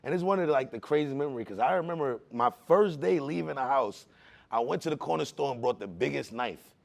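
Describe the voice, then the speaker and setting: A man from the Bronx, telling his personal testimony in a casual, animated way with street slang. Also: mid-range voice, fast, vocal fry. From the Bronx, New York. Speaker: speaker giving a personal testimony.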